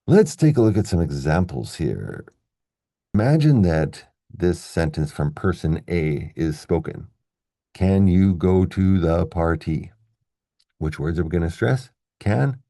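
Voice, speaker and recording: A man with a very low voice explains a language lesson step by step, patient and steady. His voice is dark and gravelly with fry, and the close recording is dry with no room sound. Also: no room sound. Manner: patient, steady, spells out each word slowly. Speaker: English teacher.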